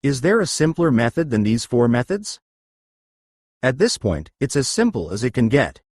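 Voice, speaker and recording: A man with a mid-range, darkish voice teaches an exercise lesson in a sing-song way at normal speed, explaining moves and often checking that listeners are following. The exercise instructor is recorded dry, with clean studio sound.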